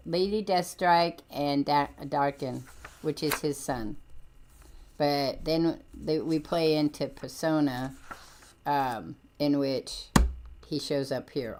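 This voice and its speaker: Woman streamer chatting loosely, jumps around a lot, lots of ums, pretty low voice. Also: a little mellow, slight background noise. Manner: rambling, jumps between points with many ums. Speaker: livestream host. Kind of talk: casual chat about comics.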